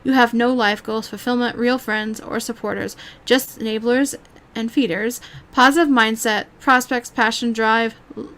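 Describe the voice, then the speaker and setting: A woman delivers a reaction rant in a fairly high voice. She rambles, trips over her words and restarts lines, and she swears freely in an exasperated commentary tone. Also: steady tone, normal speed, fairly bright tone. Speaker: YouTube commentary creator.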